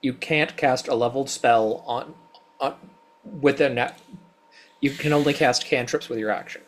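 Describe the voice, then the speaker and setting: A man's voice: medium pitch, moderate pace, a little hiss or hum. A man playing a tabletop game who carefully explains the rules and mechanics. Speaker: player. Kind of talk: casual tabletop game chat.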